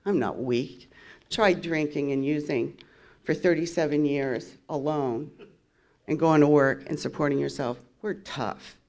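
A woman in her fifties, with a low, darkish voice and a measured pace, shares her recovery story as a candid personal testimony, laughing wryly along the way.

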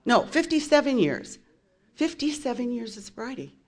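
A woman's voice: fairly high pitch, very animated, normal speed. A woman in her fifties sharing her recovery story as a candid personal testimony, with wry laughs along the way. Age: 50s.

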